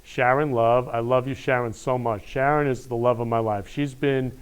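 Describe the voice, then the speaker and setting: A man's voice: mid-range voice, steady tone, normal speed, smooth. Effusive man hosting a live show. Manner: effusive, repeats "I love you" often. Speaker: host. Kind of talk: emotional live-stream show talk.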